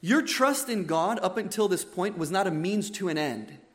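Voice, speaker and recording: A man's voice: high voice, animated, normal speed. A man preaching a wedding sermon as the officiating minister, earnest and emphatic, often repeating his key phrases. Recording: long hall reverb.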